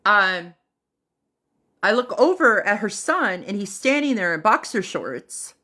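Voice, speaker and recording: A woman on a livestream telling a personal story casually and dramatically, pausing often, with fillers and acted-out quotes. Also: mid-range voice, sing-song, sharp tone. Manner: dramatic retelling that acts out other people's lines; unhurried, with pauses and fillers.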